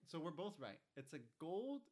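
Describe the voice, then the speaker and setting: A man in casual conversation who chimes in with short agreements and talks in a measured way when he explains. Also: fairly high pitch, sing-song, darkish tone.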